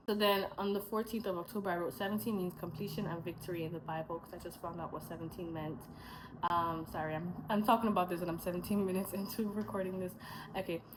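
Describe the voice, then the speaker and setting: Chatty young woman with a lowish voice. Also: noisy background. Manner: chatty storytelling, acting out her own past dialogue; rambling with asides and self-corrections. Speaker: vlogger sharing her faith testimony. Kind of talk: casual testimony vlog.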